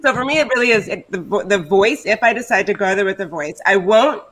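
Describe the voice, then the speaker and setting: A woman with a mid-range voice, speaking in a chatty, animated way on a live panel. She gives friendly advice in a loose, conversational flow. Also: mid-range voice, quick pace. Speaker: panelist on a roleplay stream. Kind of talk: casual panel discussion.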